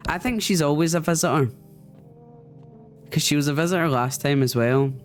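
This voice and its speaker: Brief: streamer, playful and swearing, higher voice, game music behind. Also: male voice, normal speed, long pauses. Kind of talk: gameplay commentary.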